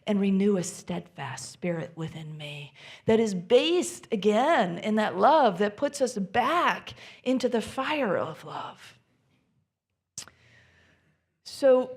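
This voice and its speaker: A woman minister giving a sermon in a church, speaking gently and intimately, often sinking to soft near-whispers. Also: mid-range voice, gravelly. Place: church sanctuary.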